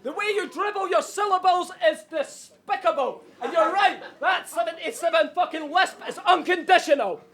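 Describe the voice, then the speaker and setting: A Scottish man battle rapping, mocking his opponent and laughing as he shouts punchlines. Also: very high-pitched, normal speed, hardly any pauses. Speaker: battle rapper. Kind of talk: rap battle verses over crowd. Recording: echoey venue, loud crowd and noise.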